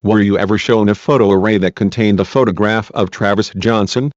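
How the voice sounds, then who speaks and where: A man reading a male defense lawyer's questions, measured and reassuring, in a dull lo-fi recording. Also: lowish voice, fairly even intonation, no echo, close to an everyday voice. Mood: courteous. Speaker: cross-examining lawyer.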